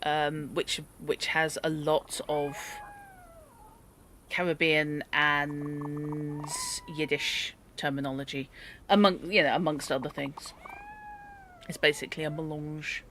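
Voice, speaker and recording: Let's-play host, chatty and rambling, with a bright, forward voice and faint noise. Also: medium pitch, little pitch movement, takes it slowly, long pauses. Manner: chatty, reads from a dictionary, rambles, exclaims at a cat. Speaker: game streamer.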